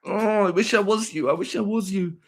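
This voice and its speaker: A man voicing a whiny, self-pitying male hater in a high, moaning put-on voice. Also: brisk, gravelly. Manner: high whining, moaning and sighing.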